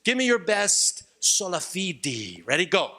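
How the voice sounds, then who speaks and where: A man's voice: high voice, big pitch swings, measured pace, bright, forceful tone. A middle-aged man, a retreat speaker, giving a playful, jokey youth sermon and leading the crowd in call-and-response.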